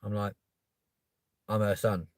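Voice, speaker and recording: A man's voice: fairly low pitch, slow, dry recording, clean studio sound. A man in his thirties with a London accent, telling a long story in casual talk, swearing freely and tagging lines with "right?". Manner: animated, voice jumps up when quoting himself. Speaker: podcast host.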